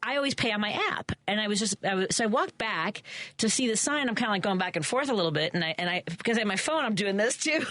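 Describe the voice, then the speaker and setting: Woman radio host, animated storyteller, very expressive pitch, dry close studio mic. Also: no room sound. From Chicago. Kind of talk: casual radio chat.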